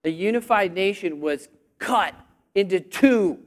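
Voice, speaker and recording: High-voiced energetic male preacher. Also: a little slow. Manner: energetic, call-and-response, rising to near shouting. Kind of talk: sermon.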